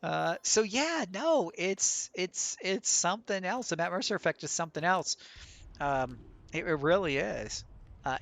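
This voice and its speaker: A man's voice: medium pitch, a bit bright, a little hiss or hum. A man streaming a game live, chatting and joking in a rambling way with many restarts. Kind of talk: live gameplay commentary.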